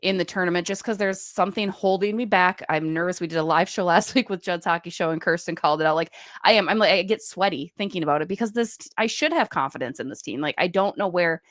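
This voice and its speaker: A woman with a low, fairly bright voice co-hosts a casual hockey podcast. She runs briskly through stats and names, recorded dry and close, with no room sound or echo.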